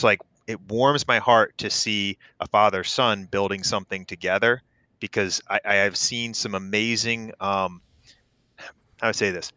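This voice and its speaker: A man's voice: on the low side, no room sound. A man co-hosting a podcast, talking casually and encouragingly with plenty of fillers. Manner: warm, encouraging, rambling with fillers. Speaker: podcast co-host.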